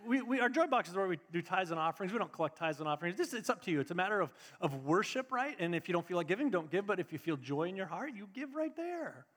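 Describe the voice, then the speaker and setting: A male pastor with a high voice preaches a live sermon. He talks straight to the congregation and climbs to emphatic peaks. A long church-hall reverb trails after his words. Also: fairly bright tone.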